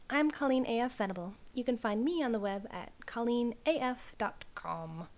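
Hoarse woman reading with retakes. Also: on the high side, animated, moderate pace, hardly any pauses. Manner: reads first-person prose, retakes lines, laughs at her slips. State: hoarse, clearing her throat. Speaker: audiobook reader and author. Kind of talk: story reading with outtakes.

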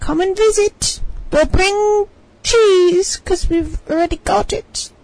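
A woman voicing a prim little mouse creature who speaks slowly and deliberately. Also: very high voice, darkish tone, a little hiss or hum, pitched above the performer's own voice, heavily acted, poor audio.

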